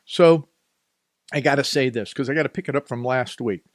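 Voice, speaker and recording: A man's voice: medium pitch, moderate pace, no room sound, studio quality. A man with a Northeast Ohio accent hosting a talk radio show, ranting in a sarcastic, scolding monologue.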